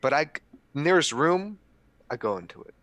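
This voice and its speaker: A man playing a tabletop role-playing game, describing his character's actions in a halting, hesitant way. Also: on the high side, very animated, fairly bright tone. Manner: halting, hesitant, with many fillers. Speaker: player. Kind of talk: in-character play narration.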